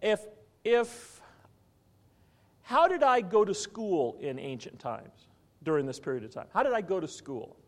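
A man preaching a sermon in an animated teaching style, often asking his listeners questions. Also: high voice, measured pace, pauses often. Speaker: pastor.

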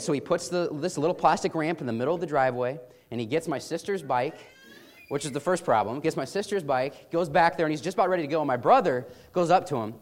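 A man casually telling an amused personal anecdote with many restarts. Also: a little high. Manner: chatty, amused, frequent restarts. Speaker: storyteller.

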